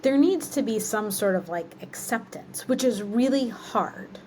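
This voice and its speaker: A woman's voice: fairly high pitch, animated, a little slow, darkish tone, slight background noise, low-quality recording. Candid woman guest, chatty with fillers. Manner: candid, reflective, many "like" and "um" fillers. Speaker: guest, marketing executive. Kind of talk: casual interview answers.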